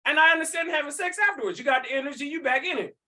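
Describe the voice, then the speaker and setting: A man's voice: very high voice, rapid-fire, sharp tone, far from the mic. A man co-hosting a podcast, talking in loose, crude slang and laughing often as he riffs. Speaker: podcast co-host. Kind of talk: casual podcast banter.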